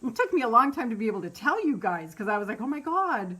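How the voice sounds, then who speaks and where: A woman's voice: fairly high pitch, big pitch swings, very fast, fairly bright tone, breathy edge. A middle-aged woman hosting a casual live stream, candid and rambling, who laughs often and swears freely. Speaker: meditation host on a live stream.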